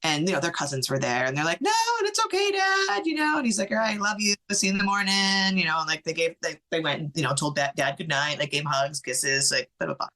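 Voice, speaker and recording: Woman, middle-aged, podcast guest, low voice, animated storytelling, quotes others. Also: fast talker, few pauses. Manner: animated, quotes others' words, many "like" fillers. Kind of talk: personal storytelling.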